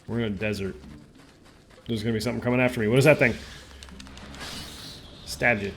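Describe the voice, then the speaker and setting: A man's voice: mid-range voice, steady tone, a little fast, a bit bright, faint music behind. A young man hosting a podcast, joking and reacting aloud while playing a video game. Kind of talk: casual gaming chat.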